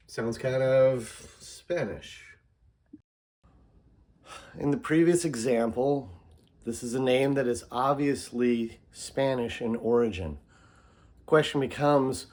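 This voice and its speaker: A man teaching a pronunciation spelling method in a relaxed, explanatory way, with fillers and asides. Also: mid-range voice, measured pace. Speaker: instructor. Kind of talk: casual screen-recorded lesson.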